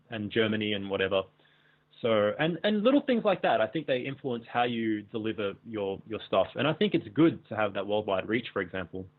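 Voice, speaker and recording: A man from Australia talking casually and hesitantly over a remote call, trailing off with fillers as he answers. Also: mid-range voice. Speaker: fellow channel creator, guest. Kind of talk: casual interview conversation. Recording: tinny phone-like call audio.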